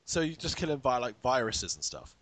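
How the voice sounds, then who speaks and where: A man's voice: medium pitch, very animated, fairly quick, a bit bright, breathy edge, no echo. A man co-hosting a podcast, bantering with friends, swearing and sounding incredulous. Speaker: podcast co-host. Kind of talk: casual chat.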